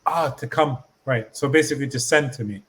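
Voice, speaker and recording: A man at an ordinary pitch who hosts a casual podcast. He asks eager, curious questions and often restarts his sentences while he works them out. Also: a little fast, fairly bright tone, breathy edge. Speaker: podcast host and learner.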